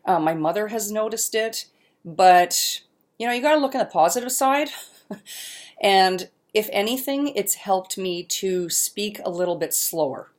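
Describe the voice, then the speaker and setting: A middle-aged woman talking casually in a home vlog, chatty and self-deprecating, laughing often and sometimes pausing mid-sentence to find a word. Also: mid-range voice, lively intonation. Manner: pauses mid-sentence searching for words. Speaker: vlogger. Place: at her mother's home.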